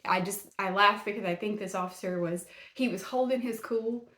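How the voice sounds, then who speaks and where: A woman's voice: mid-range voice, brisk, pushed and bright. A woman hosting a true-crime podcast, blunt and indignant as she scolds the accused directly in casual commentary. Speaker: podcast host. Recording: roomy echo.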